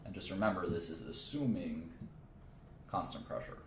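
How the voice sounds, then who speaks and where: A man with a very low voice works through a chemistry lecture, thinking aloud and repeating himself as he goes. The sound is roomy and echoey, with a faint hiss of noise behind him. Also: normal speed. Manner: thinks aloud, repeats phrases, casual asides. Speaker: chemistry teacher. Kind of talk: informal livestream lecture.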